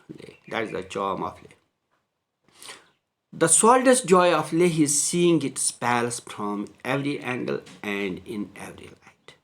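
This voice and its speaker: A man's voice: mid-range voice, a bit bright. A man teaching a textbook lesson, restating each phrase in simpler words with frequent hesitations. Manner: repetitive, paraphrasing, frequent hesitations.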